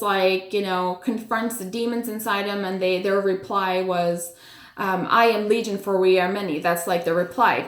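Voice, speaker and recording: A woman casually telling a personal story, full of "like" and "you know", acting out her own reactions as she goes. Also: mid-range voice. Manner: chatty, many "like" and "you know" fillers; animated retelling with acted-out reactions. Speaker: storyteller sharing personal spiritual experiences. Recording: echoey room.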